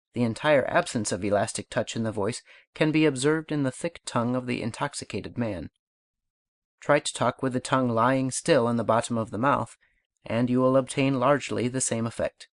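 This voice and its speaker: Dry, measured male audiobook reader. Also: mid-range voice, no echo. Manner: measured, unhurried recitation of verse and instruction. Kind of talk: scripted audiobook narration.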